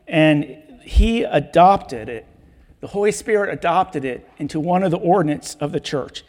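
A man preaching a sermon, reading Bible verses in a measured way and repeating key words for emphasis. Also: high voice, darkish tone. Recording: long hall reverb.

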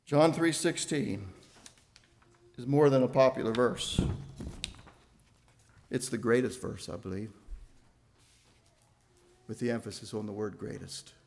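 An older man preaching a sermon, building to emphatic loud phrases and then dropping to a quiet, low delivery. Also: measured pace, vocal fry, pauses often, slight background noise.

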